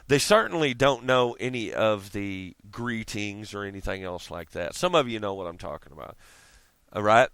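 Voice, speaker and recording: A man vents in a loose, profane rant to his viewers, laughing often as he rambles. His voice is smooth and clear, with a lively pitch that jumps around. The recording is dry and close, with no room sound. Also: normal speed, no room sound. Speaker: vlogger. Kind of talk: casual rant to camera.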